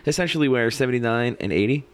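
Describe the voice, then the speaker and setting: A man's voice: mid-range voice, quick pace, smooth, no echo. A man hosting a beer podcast, chatting casually in a joking, upbeat way. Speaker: podcast host. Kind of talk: casual chat.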